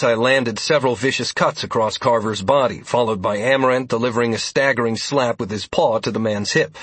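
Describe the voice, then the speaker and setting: Man, husky voice, dramatic first-person audiobook narration, steady. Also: medium pitch, dry recording.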